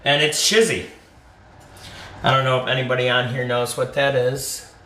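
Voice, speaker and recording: A man's voice: mid-range voice, moderate pace, noisy background. A man co-hosting a podcast, chatting casually and telling stories while cooking. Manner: chatty, jokey storyteller with animated quoted voices. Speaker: podcast co-host. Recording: echoey room, distant mic, faint ambience.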